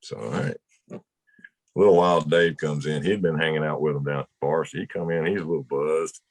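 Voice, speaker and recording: A man's voice: very deep voice, fairly even intonation, a little fast. A man from Mississippi, telling a rambling, folksy road story in a casual chat. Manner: folksy, rambling anecdote with laughs. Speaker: guest musician.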